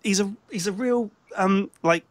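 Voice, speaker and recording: A British show host with a strikingly high voice chats casually about music, speaking a little slowly. He keeps stopping and restarting sentences, working his way toward each point as he talks.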